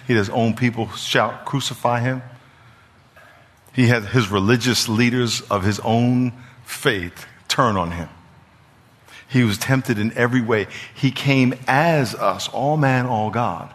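A man's voice: mid-range voice, unhurried, fairly bright tone. A man preaching a sermon as pastor, emphatic and repetitive, often stumbling and restarting his words. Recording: long reverb of a large hall.

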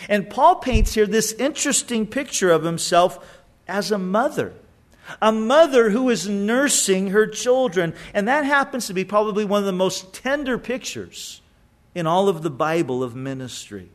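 High-voiced preacher, conversational sermon. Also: male voice. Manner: conversational, stumbling repetitions. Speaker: pastor.

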